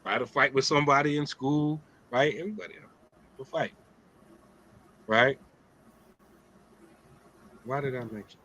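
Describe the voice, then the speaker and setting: A middle-aged man leads a casual religious talk in a streetwise, joking way. His voice is bright and forceful, and he keeps checking in with his listeners by asking "right?". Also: mid-range voice, normal speed, long pauses, rough recording. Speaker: host of an Islamic talk show.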